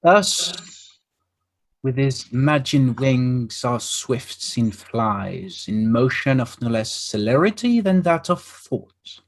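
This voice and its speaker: Chorus: a man playing a grand male stage narrator, slow and sweeping in delivery. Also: medium pitch, expressive. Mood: solemn. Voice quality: declaiming, drawn-out verse. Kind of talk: classical stage verse delivery. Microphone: video call.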